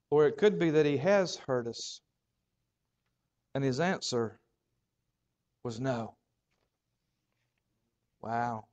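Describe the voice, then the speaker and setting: A man preaching a sermon as pastor, building phrases through repetition and dramatic pauses. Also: on the high side, animated.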